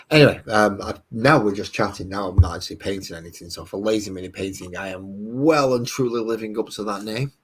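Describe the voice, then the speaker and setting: Husky, sweary man chatting. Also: lowish voice. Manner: swears freely, rambling and self-deprecating. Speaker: stream host. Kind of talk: casual live-stream chat.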